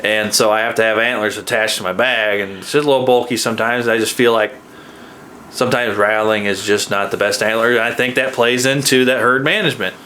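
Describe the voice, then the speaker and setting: A man's voice: fairly even intonation, fairly quick, sharp tone, slight background noise. A man co-hosting a podcast, chatting casually about deer calling and joking about what the deer think. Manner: jokey, voices deer in high silly tones. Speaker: podcast co-host. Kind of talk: casual hunting chat.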